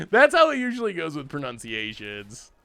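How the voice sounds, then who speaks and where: Lively, bright-voiced man commentating a game. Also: on the high side, normal speed, gravelly, slight background noise. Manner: chatty, laughs often, talks to opponent and chat. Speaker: streamer playing a card game. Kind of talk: casual gameplay commentary.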